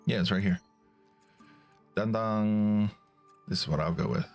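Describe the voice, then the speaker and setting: A man's voice: lowish voice, unhurried, soft background music. A man streaming a game, musing aloud in casual commentary. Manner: musing, talking to himself.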